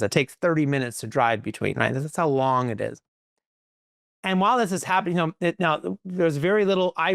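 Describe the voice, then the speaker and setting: A man, a podcast guest, telling stories in a lively conversational way, full of "like" and "right?". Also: mid-range voice, smooth, no echo, clean studio sound. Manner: animated, quick, peppered with "like" and "right?". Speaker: podcast guest, company leader. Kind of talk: conversational storytelling.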